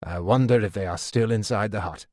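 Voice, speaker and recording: Audiobook figure: stubborn wounded man, gruff and low, voiced by the male narrator; dry close recording. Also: brisk, a little mellow, no echo, natural voice.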